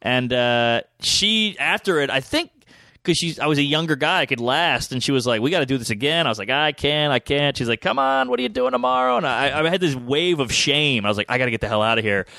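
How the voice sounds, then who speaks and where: A man telling a crude story in casual chat, animated and acting out the voices of the people in it. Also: medium pitch, dry recording. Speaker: comedian guest.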